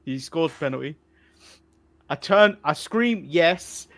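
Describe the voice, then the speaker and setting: An English man in his thirties, a podcast co-host chatting casually and telling animated stories, laughing often. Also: on the high side, slow pace. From England. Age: 30s. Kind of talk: casual chat.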